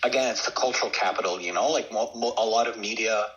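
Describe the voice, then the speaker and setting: A man's voice: on the low side, fast, a bit bright, highs cut off. A man co-hosting a podcast in casual chat, hesitant and filler-heavy as he talks it through. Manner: hesitant, many fillers and restarts. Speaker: podcast co-host.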